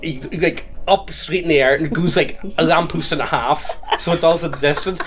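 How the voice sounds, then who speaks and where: A young man on a podcast, rambling through stories and laughing along. His voice sits a little high for a man, and his chat is loose and casual. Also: moderate pace, a bit bright. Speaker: podcast co-host.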